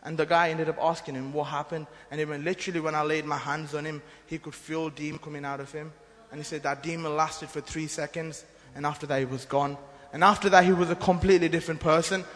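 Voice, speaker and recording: A man's voice: a little high, level tone, fast talker, few pauses, fairly bright tone. A man giving an earnest, rambling church testimony, often restarting his sentences. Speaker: mission team member giving testimony. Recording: long hall reverb.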